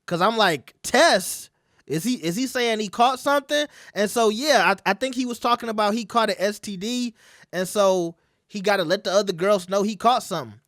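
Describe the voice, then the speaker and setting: A man with a noticeably high voice gives loose, conversational commentary straight to his viewers. He keeps asking them to weigh in, and his voice is recorded close and dry with no room sound. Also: normal speed, a bit bright, dry recording. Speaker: commentary channel host. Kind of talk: casual commentary reading out text messages.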